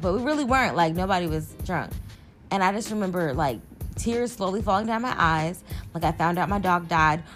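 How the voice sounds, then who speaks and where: A young adult woman talking casually and animatedly to her listeners, like a personal podcast monologue. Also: fairly low pitch. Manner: chatty, animated, addresses listeners as y'all. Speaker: podcast host.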